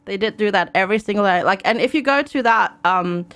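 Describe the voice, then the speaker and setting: A woman's voice: medium pitch, a little fast, a bit bright. A woman from Germany streaming a game live, chatting casually and greeting viewers by name into a desk microphone.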